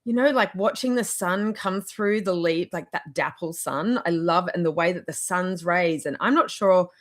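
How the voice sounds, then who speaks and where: A woman's voice: lowish voice, normal speed. Rambling, chatty woman vlogger. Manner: rambling, chatty, laughs often. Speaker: wellness vlogger. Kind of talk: casual motivational chat.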